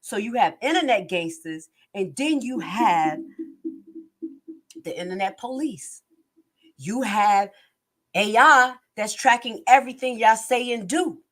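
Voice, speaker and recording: A woman's voice: fairly high pitch, expressive, a little slow, pauses often, a bit bright. A middle-aged woman giving impassioned live-stream commentary, blunt and streetwise, preaching and repeating herself for emphasis.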